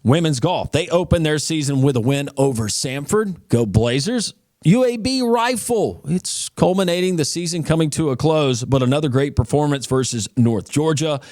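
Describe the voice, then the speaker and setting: A man's voice: on the high side, expressive, moderate pace, a little mellow, no room sound, studio quality. A man hosting a sports podcast, reading a punchy news roundup and then interviewing a coach in an upbeat announcer style.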